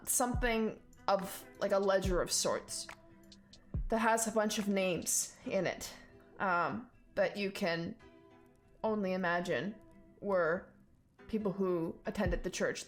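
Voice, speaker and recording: A woman narrates a tabletop game as its dungeon master, loose and chatty with frequent fillers. Her pitch sits in an ordinary middle range. Soft background music plays faintly beneath her. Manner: casual descriptive narration with many fillers.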